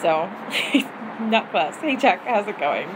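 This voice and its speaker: A woman's voice: mid-range voice, very animated, takes it slowly, background noise. A woman chatting casually on a live stream from her phone at home, giggling often. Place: home apartment. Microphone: phone held up.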